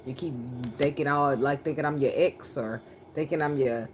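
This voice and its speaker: A woman's voice: sits low, moderate pace, a little hiss or hum. A woman doing a casual tarot reading, talking bluntly with plenty of swearing and frequent laughter. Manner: blunt, profane, laughs often. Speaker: tarot reader.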